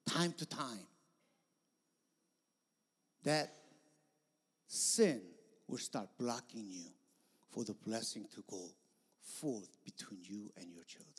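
A man preaching a sermon as pastor, animated, with sudden loud bursts. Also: mid-range voice, husky, long reverb tail.

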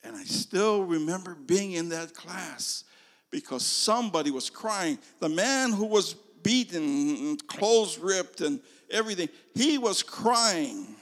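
An older man preaching a sermon, telling a story slowly and moving between loud emphasis and hushed, near-whispered lines. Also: high-pitched, animated. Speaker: pastor. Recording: long reverb of a large hall.

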